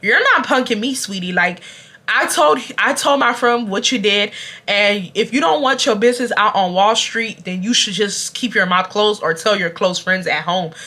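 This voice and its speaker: A woman in her twenties from Houston, Texas, telling an animated, blunt storytime on her vlog. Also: mid-range voice, moderate pace. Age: 20s. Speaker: vlogger.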